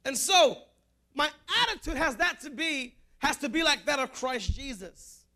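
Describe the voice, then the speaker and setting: A male pastor preaching a sermon, building to emphatic shouts and easing into a hushed altar call. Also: very high voice, lively intonation, measured pace. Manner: emphatic, rising to shouts then softening for prayer.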